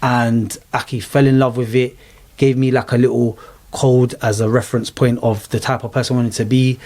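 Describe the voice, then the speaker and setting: A man's voice: mid-range voice, normal speed. A middle-aged man, animatedly telling his personal story as an interview guest in casual chat. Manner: animated storyteller, London slang.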